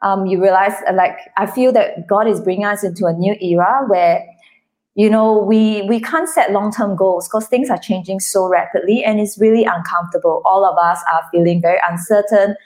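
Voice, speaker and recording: A woman's voice: medium pitch, normal speed, a little mellow. A woman guest author speaking earnestly and from the heart in an interview, with some restarts. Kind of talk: interview, personal testimony.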